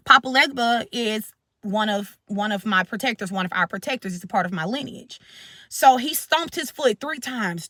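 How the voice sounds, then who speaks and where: A woman with a high, bright voice tells a dramatic story to her viewers, repeating lines for effect. She speaks casually, and the recording is dry and close. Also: animated, moderate pace, dry recording. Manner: dramatic, repeats herself, addresses viewers as collective. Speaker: spiritual channel host.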